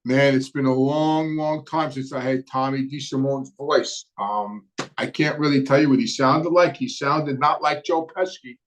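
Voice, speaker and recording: A middle-aged man with a Brooklyn accent, hosting a casual live stream and answering viewer questions in a relaxed, rambling way with many hesitant fillers. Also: medium pitch, measured pace. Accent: Brooklyn New York. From New York. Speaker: host.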